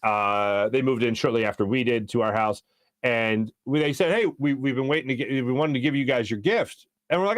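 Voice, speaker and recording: In a radio studio, a man in his thirties with a Philly accent talks sports into a studio mic, his mid-range voice moving a little fast with no echo. He rambles energetically through his stories, restarting them again and again.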